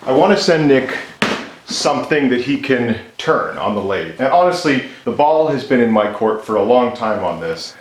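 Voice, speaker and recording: A man, a resin maker, chatting casually and enthusiastically to camera, thinking out loud as he works in his home workshop. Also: medium pitch, big pitch swings, normal speed, faint music behind. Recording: echoey workshop with loud machine noise.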